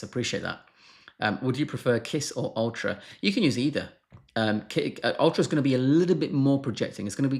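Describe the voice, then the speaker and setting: A man's voice: mid-range voice, gravelly. A man who is a doctor answering viewer questions on a live stream, frank and blunt, brushing off marketing claims.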